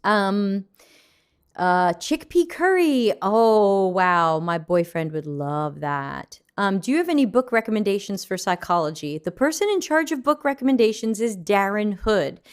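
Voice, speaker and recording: A woman's voice: medium pitch, very animated, measured pace, smooth. A middle-aged woman hosting a casual livestream Q&A, chatting loosely and reading viewer comments aloud. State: yawning, still waking up. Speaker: livestream host.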